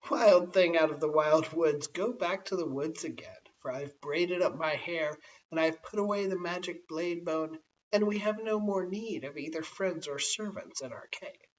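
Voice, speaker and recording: A man's voice: on the high side, normal speed, a little hiss or hum, lightly acted. A wise cave woman, read by a man, firm and teasing as she mocks and bargains. The voice sounds a bit distant from the mic, and the recording is dull and lo-fi. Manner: firm, laughing, teasing storybook speech.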